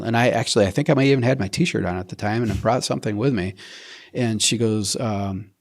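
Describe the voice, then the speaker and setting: A middle-aged man telling his health story in an interview, animated, acting out his own quotes and often restarting sentences. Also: lowish voice, fast talker, gravelly.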